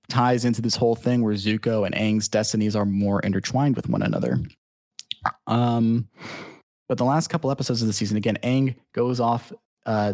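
A man talks casually on a podcast, recapping a show with loose, rambling energy. He swears freely and slips into quick mock voices for the characters. The sound is dry and close with no room echo. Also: fairly low pitch. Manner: rambling, profane, animated retelling. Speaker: podcast guest.

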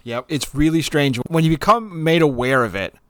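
A man's voice: on the high side, moderate pace, dry recording. A middle-aged man from Massachusetts with a faint Boston-area accent, co-hosting a podcast and telling stories in a chatty way. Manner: chatty, animated storyteller. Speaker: podcast co-host. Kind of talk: casual storytelling.

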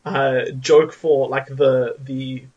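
Man, podcast co-host, enthusiastic casual chat, husky, dull lo-fi remote audio. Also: medium pitch, flat delivery, slow pace, darkish tone. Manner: enthusiastic, many fillers.

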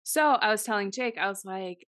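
Bright, candid young woman storyteller. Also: mid-range voice, normal speed, no room sound, clean studio sound. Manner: candid, crude storytelling with laughs. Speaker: podcast co-host. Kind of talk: casual chat.

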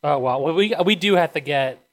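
A man with a voice a bit above the usual pitch talks through a snack tasting in a chatty, detailed way. He sounds amused and relaxed, with easy laughs. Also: fairly quick. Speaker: co-host. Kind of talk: casual podcast snack review.

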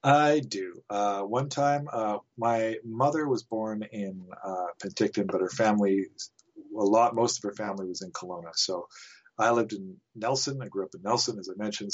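A man from Canada, a podcast guest, telling a casual anecdote in a rambling way with frequent chuckles. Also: fairly low pitch. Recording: dull lo-fi podcast audio.

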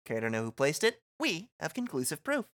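A man reading the lines of a calm, smug teenage boy in a game, in a sly, teasing tone. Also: a little high, brisk, pitched above the performer's own voice.

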